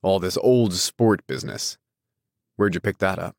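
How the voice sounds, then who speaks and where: A man's voice: low voice, unhurried, creaky, a little mellow, no room sound, clean studio sound. A man voicing a brusque, impatient wealthy husband in a storybook reading, blunt and curt.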